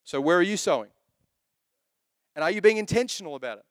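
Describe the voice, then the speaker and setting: A middle-aged man preaching a sermon as a pastor, animated, repeating key phrases and acting out little asides. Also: high voice, quick pace, clean tone, dry recording, studio quality.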